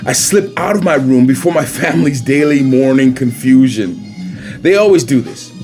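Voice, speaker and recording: A lively man with a Caribbean accent reading a children's book aloud in a live session. His voice jumps up and down with expression, and he keeps stepping out of the text to chat about the pictures. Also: medium pitch, normal speed, over music. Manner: animated, playful, breaks off to comment on the pictures.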